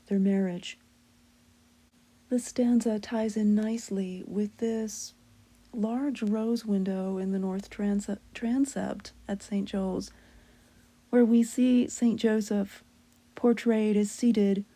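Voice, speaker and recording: A woman talks slowly and carefully as she explains a hymn line by line. Her tone is very dark and mellow, and her delivery stays measured and patient throughout. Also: mid-range voice. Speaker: teacher explaining a Latin hymn. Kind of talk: calm explanatory lesson.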